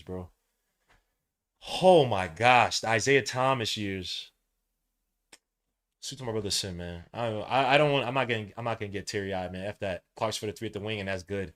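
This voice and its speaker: A man, hosting a fan podcast and calling a live game, swinging from low muttering to loud shouting, full of slang. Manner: heavy slang, calls out plays between asides. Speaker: podcast host. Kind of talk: live fan watch-along commentary.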